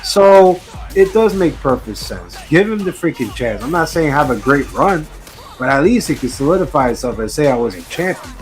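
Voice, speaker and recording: A man's voice: a little high, sing-song, moderate pace, soft background music. A man co-hosting a casual wrestling podcast, giving blunt, heated, profane opinions. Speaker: podcast co-host.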